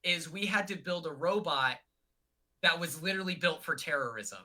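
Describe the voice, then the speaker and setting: A young man chatting casually on a livestream call. He rambles, filling gaps with "like" and "um". His voice is very bright and sits a bit high. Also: moderate pace. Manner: chatty, rambling, many fillers. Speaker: guest.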